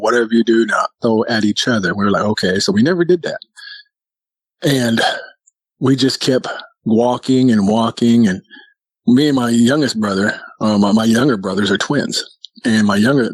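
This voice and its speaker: A man's voice: breathy edge, no room sound. A man telling a childhood story in casual conversation, lifting his voice to act out what his family said. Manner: acts out family dialogue with raised pitch. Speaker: guest telling a sighting story.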